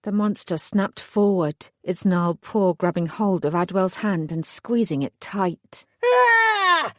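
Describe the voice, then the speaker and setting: A woman's voice: lowish voice, measured pace, warm tone, no room sound. Woman narrating an audiobook, dry sound. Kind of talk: first-person audiobook narration.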